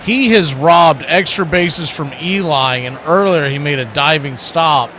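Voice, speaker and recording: A man calling baseball play-by-play live as host, chatting opinions between pitches. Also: unhurried, pushed and bright, slight background noise.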